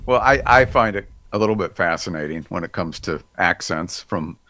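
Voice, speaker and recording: A man's voice: low-pitched, lively intonation, normal speed, pushed and bright. A man co-hosting a podcast in casual chat, telling joking stories and teasing. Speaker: podcast co-host.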